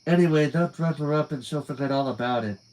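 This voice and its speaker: A man's voice: fairly high pitch, fast talker, darkish tone, close to an everyday voice, rough recording. A man reading the lines of a blasé teenage girl patient in an offhand, matter-of-fact way.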